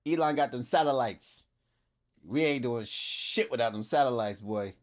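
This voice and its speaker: A man co-hosting a podcast, animated and teasing in casual chat. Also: mid-range voice, moderate pace. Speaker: podcast co-host.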